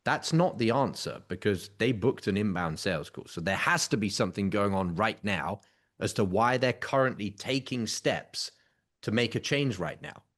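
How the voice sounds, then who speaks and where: A man's voice: on the low side, lively intonation, moderate pace, fairly bright tone. A man coaching sales closers in a live role-play, direct and corrective.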